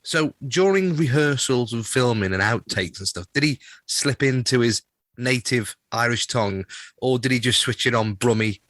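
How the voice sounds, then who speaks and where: A man co-hosting a casual podcast, asking quick, curious questions. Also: medium pitch, a bit bright, no echo. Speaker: podcast co-host.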